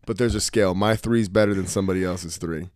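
A man in his thirties tells stories at a quick clip, cursing freely and slipping into the voices of the people he quotes. His voice sits on the low side. The sound is dry and close to the mic. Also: steady tone, a little mellow, dry recording. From New Jersey, US. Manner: profane, storytelling, acts out quoted voices. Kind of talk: casual chat.

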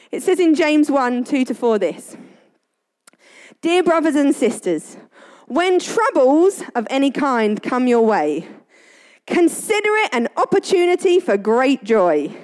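Woman, high voice, chatty devotional speaker who laughs often. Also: darkish tone. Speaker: Christian speaker. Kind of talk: casual devotional talk.

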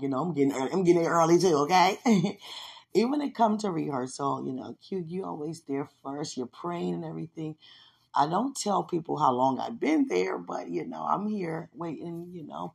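A woman's voice: deep voice, animated, normal speed, creaky, darkish tone, breathy edge. A woman hosting a podcast, talking about her faith in a fervent, emotional way and laughing often. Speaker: podcast host. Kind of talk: devotional personal talk.

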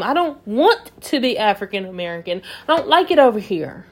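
A woman's voice: mid-range voice, sing-song, brisk, hardly any pauses. Young woman, emphatic and passionate. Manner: emphatic, swings from soft musing to loud passionate outbursts. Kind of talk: casual personal monologue.

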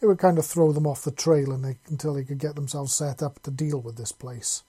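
A man reading fan fiction aloud in a casual, expressive way. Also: fairly high pitch, a little fast, husky. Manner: casual, expressive, crude words. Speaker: reader.

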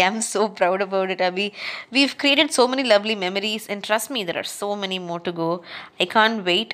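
A woman's voice: mid-range voice, a bit bright. A young woman recording a gushing, heartfelt birthday voice message for a college friend. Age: young adult.

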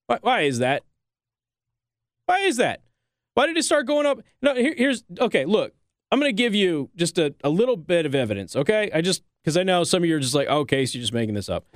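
Animated male political talk host. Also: high voice, no room sound, clean studio sound. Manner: animated, mocks others in quoted voices. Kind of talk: opinionated political commentary.

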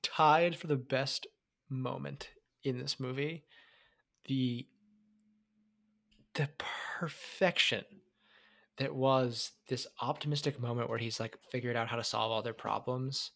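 A man co-hosting a podcast in casual chat, animated and profane, dropping to a hushed whisper for emphasis. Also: mid-range voice, normal speed, gravelly. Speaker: podcast co-host.

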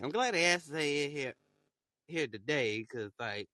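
A man's voice: on the high side, expressive, unhurried, sharp tone, dry recording. A young man hosting a podcast in loose, casual chat, rambling in slang with lots of fillers. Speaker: podcast host.

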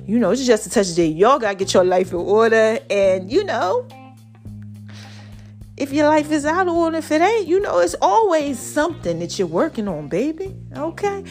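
A woman with a slightly high voice preaches encouragement to her viewers in a loose, animated vlog. She keeps calling them baby and y'all. Faint music plays underneath. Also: normal speed. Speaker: vlogger giving motivational talk. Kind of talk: casual inspirational monologue to viewers.

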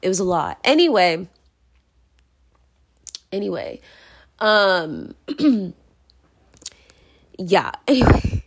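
A woman's voice: mid-range voice, sing-song, drawn-out words, vocal fry, pauses often, breathy edge. A young adult woman hosting a casual podcast monologue, rambling and filler-heavy, laughing often while moving around indoors. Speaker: podcast host.

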